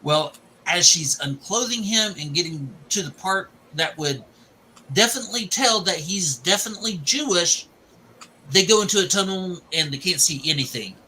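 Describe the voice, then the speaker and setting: A man's voice: high-pitched, expressive, moderate pace, sharp tone, slight background noise, poor audio. Rambling man retelling a film. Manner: rambling, with restarts.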